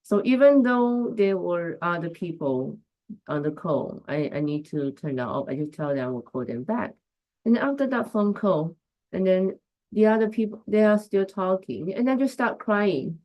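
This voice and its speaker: A woman with a slightly low voice hosts a casual live stream. She talks in a reflective way and stops now and then to greet viewers by name. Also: expressive, normal speed, dull audio. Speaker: host and coach.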